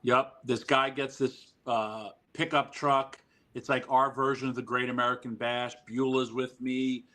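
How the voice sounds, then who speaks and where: A man at an average pitch tells stories on a podcast. He is animated and profane, with lots of fillers and quick asides. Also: rough recording. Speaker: guest. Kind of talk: podcast storytelling.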